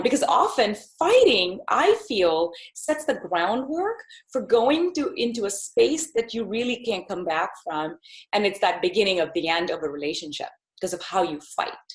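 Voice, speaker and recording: A woman host posing questions in an interview, casual and giving examples. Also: mid-range voice. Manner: conversational, gives examples. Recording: echoey room.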